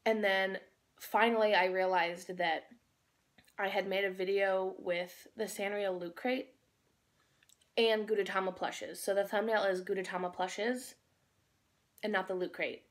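A woman's voice: mid-range voice, fairly even intonation, a little slow, long pauses. A young woman vlogging into her phone, chatting in a bubbly, rambling way and talking with her mouth full while she eats. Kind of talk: casual chat while eating.

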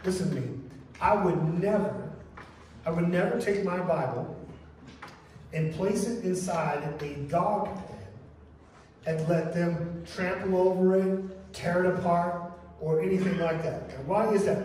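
A man's voice: high-pitched, unhurried, a little mellow, slight background noise. A man preaching a sermon as a pastor, telling stories casually and often saying "man" and "right?". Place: church sanctuary. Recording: echoey church hall from far off.

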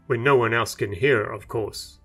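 A man's voice: medium pitch, normal speed, bright, forceful tone, slightly rough, soft background music. A man playing a formal young monk. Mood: earnest. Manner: formal, earnest. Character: young male monk, injured, respectful.

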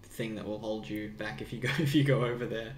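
A man's voice: on the low side, steady tone, fast talker, a crowd in the background. A man co-hosting a podcast, asking curious questions and laughing easily. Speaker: podcast co-host. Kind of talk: casual interview chat. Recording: echoey room with faint background noise.

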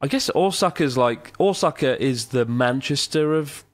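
A man hosting a relaxed podcast chat at a mid-range pitch. He jokes easily, laughs between lines and reads listener messages aloud in a loose, conversational way. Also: normal speed. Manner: jokey, chuckles often, reads listener emails aloud. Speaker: podcast host.

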